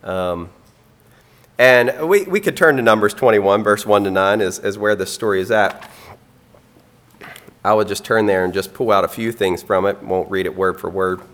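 A man preaching a sermon in an earnest, plain-spoken way, with frequent ums and some throat clearing. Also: fairly low pitch, moderate pace, a bit bright.

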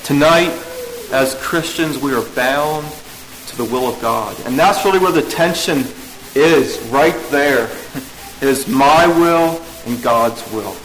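A man preaching an evening sermon in an earnest way, pressing hard on some lines and dropping low and quiet on others. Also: slow pace, poor audio. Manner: earnest, rises to forceful emphasis then drops to hushed tones.

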